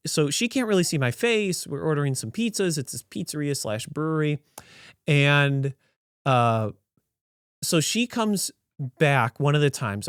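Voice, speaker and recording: A man hosting a podcast who tells a story in a casual, animated, rambling way and often corrects himself mid-sentence. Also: a little high, clear, resonant tone, no echo, studio quality. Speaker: podcast host.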